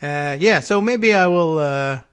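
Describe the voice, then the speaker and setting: A man's voice: fairly high pitch, lively intonation, measured pace, a bit bright, clean tone. A man co-hosting a podcast in casual chat, hesitant, with frequent short replies. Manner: hesitant, lots of restarts and short back-channel replies.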